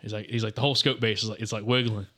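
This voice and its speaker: A man's voice: lowish voice, fairly even intonation, very fast, bright, forceful tone. Rambling storytelling man, casual and chatty. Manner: rambling storyteller, lots of fillers and "dude". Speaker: podcast co-host. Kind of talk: casual hunting chat.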